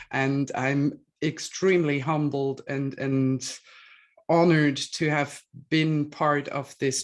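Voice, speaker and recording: A woman from Switzerland who coaches women, speaking earnestly and tearfully over a video call at an online book launch. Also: deep voice. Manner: slow, earnest, heartfelt. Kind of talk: emotional speech at online event.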